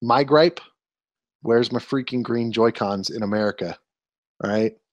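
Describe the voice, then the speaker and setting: A man's voice: mid-range voice, unhurried, dry recording, lo-fi sound. A man in his twenties co-hosting a casual podcast, telling annoyed stories with an exasperated, ranting manner. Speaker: podcast co-host.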